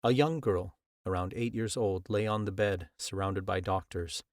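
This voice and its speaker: A male audiobook narrator with a low voice reads a first-person book in a measured, earnest manner. Recorded on a close studio mic, the sound is very dry, with no room sound and no echo.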